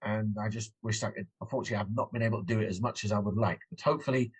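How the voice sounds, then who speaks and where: A husky English man talking fast in a relaxed interview, rambling from one point to the next. His voice has a slightly rough, breathy edge, and he often restarts his sentences with chatty fillers. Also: on the low side, rough recording. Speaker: author and guest. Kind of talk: casual interview chat.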